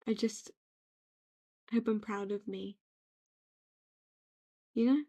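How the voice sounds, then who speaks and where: A young British woman, an ASMR creator, gently rambles in a soft-spoken note to herself that feels reflective and quietly affirming. Her medium-pitched voice stays fairly even as she takes it slowly, recorded on a home microphone.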